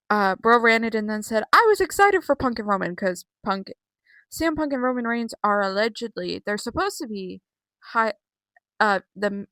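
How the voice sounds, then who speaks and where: A woman's voice: on the high side, a bit bright, no room sound, rough recording. A young woman chatting casually from her bedroom, rambling with many fillers as she recaps wrestling shows. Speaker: wrestling vlogger. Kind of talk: casual chat.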